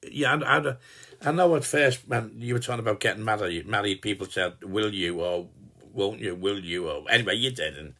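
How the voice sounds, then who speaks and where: A gravelly, husky old rascal of a dad, played by a man in his eighties, who rambles and swears his way through a comic Christmas greeting. He boasts that he knows everything and wanders off into long chatty asides. His voice is rough and gritty, with a breathy edge. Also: lowish voice, normal speed, pushed and bright. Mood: jokey. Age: 80s. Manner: rambling and chatty, swears casually, trails off and restarts. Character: gruff, cheeky old working-class dad, all-knowing boaster. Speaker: sending a personalized Christmas video greeting.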